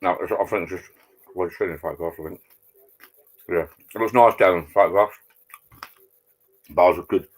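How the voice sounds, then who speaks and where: A man's voice: low-pitched, normal speed, long pauses. A man hosting a casual live stream from his garden bar, chatting with viewers, reading their messages and trading cheeky jokes.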